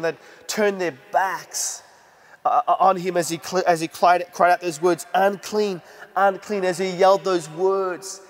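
Male pastor, earnest sermon, fairly high voice, long hall reverb. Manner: earnest, preaching with rising emphasis.

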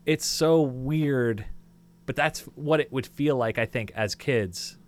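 A man co-hosting a podcast in casual chat, animated and bouncy, acting out little quotes as he talks. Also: medium pitch, normal speed. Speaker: podcast co-host.

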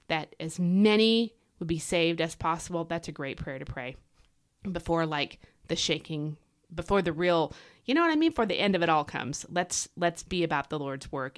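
A woman hosting a devotional podcast, teaching casually and emphatically, a fast talker with fillers and self-corrections. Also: sits low. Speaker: podcast host. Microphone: podcast microphone.

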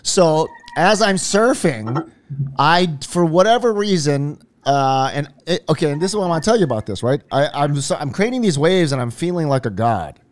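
A man's voice: a little high, lively intonation, normal speed. A man in casual conversation, telling stories animatedly, acting out his own quotes and swearing freely.

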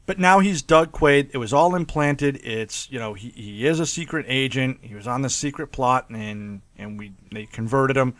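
Animated man recapping a movie. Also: mid-range voice, normal speed, hardly any pauses, dry recording. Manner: animated, acts out scenes with mock quotes and laughs. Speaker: podcast co-host. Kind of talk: casual movie discussion.

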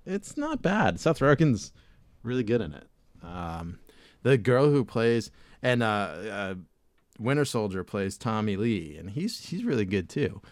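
A man with a fairly low voice hosts a casual podcast chat, rambling from one thought to the next and swearing easily. His voice sits close and dry on the mic, with no room sound at all. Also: very animated, unhurried, no room sound. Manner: rambling, profane, laid-back. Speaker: podcast host.

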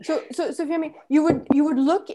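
A woman's voice: high-pitched, fairly even intonation, a little fast, warm tone, a little hiss or hum. A woman acting coach giving workshop instructions, encouraging, with stammered restarts and repeated words.

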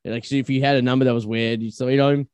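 A man in his thirties hosts a laid-back podcast, his voice warm and dark in tone. He tells loose, meandering stories and swears without a second thought. The recording is close and dry, with no room sound. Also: medium pitch, flat delivery, rapid-fire, smooth, dry recording. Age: 30s. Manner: rambling storyteller, swears freely. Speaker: podcast host. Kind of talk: casual chat.

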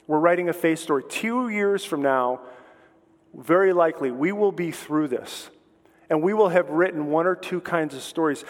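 A man preaching a sermon as pastor, with impassioned, repetitive exhortations that build up and then soften into prayer. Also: fairly high pitch, normal speed, long reverb tail.

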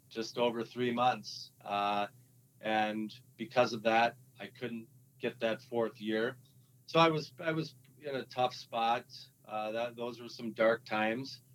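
A former hockey player, a man with a mid-range voice and a Minnesotan accent, tells his story in a relaxed interview, halting often with fillers and restarts. The audio is poor, with slight background noise.

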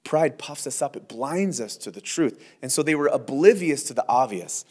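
A man's voice: medium pitch, animated, moderate pace, darkish tone, slightly rough. A man, a pastor, teaching through scripture verse by verse in a conversational, emphatic way, often restarting and repeating words.

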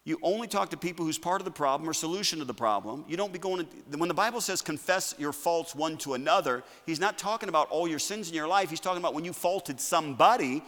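A man preaching a sermon to his church, moving between loud declarations and quiet asides. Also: mid-range voice. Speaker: pastor. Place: church sanctuary. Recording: long reverb of a church hall.

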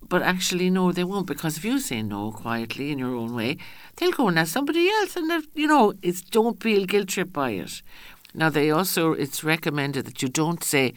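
A woman's voice: fairly low pitch, lively intonation, moderate pace, no room sound. A woman, speaking as a guest in a radio interview. She talks in a chatty way, often restarts her sentences and acts out the voices she quotes.

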